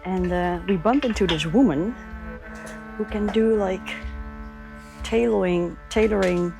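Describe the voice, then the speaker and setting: A woman's voice: mid-range voice, unhurried, creaky. A woman, a native Dutch speaker, chatting enthusiastically and hunting for words as she vlogs a motorcycle trip outdoors. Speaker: travel vlogger. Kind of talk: casual travel vlog narration. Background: loud music.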